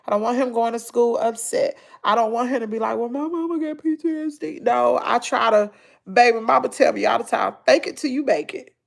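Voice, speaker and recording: Tearful Southern woman with a gravelly voice. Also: a little high, a little fast. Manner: tearful, heartfelt, talking straight to viewers. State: crying, nose stuffed up. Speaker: family vlogger. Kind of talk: emotional livestream talk to viewers.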